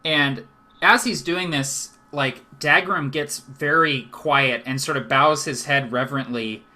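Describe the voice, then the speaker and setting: Bright-voiced man running a tabletop game. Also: mid-range voice, unhurried. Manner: descriptive, with filler words like "like" and "sort of". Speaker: game master.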